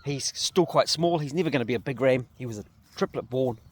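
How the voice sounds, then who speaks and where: Out in a paddock, a New Zealand man who farms sheep and hosts videos talks fairly quickly in a medium-pitched voice. It's a casual farm vlog where he explains things and chats with his animals.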